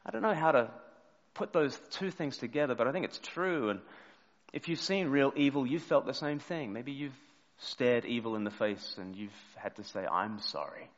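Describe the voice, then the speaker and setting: A man preaching a sermon, telling stories with lively swings and dropping to a hushed voice for solemn parts. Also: a little high, big-room sound, muffled recording. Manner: animated storytelling, drops to a hushed voice for solemn parts. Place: church.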